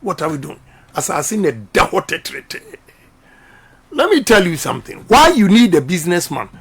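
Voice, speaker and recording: A man's voice: high-pitched, very animated, normal speed, vocal fry, fairly bright tone, slightly rough. A middle-aged Ghanaian man speaking emphatically in a radio interview, repeating his points like a preacher. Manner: repetitive, emphatic, preaching-style delivery. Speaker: politician.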